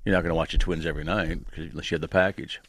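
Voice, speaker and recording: A man co-hosting a casual talk show, teasing his co-hosts in quick back-and-forth banter. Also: rumbling low, fairly even intonation, a bit bright, no room sound, studio quality. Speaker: radio co-host. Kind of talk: casual chat.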